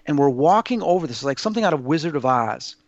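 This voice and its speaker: Guy telling his story all awed and halting, kinda high voice, muffled dry sound. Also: expressive, no echo. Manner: halting, awed, with many restarts. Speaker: guest. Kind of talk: personal storytelling in an interview.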